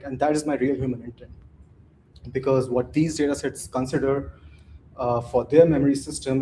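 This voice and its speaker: A man presents a technical talk at a live conference, with a mellow, darkish tone. His delivery is loose and conversational, full of restarts and quick "right?" checks with the audience, and a faint hiss sits under the voice. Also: medium pitch. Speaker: conference speaker.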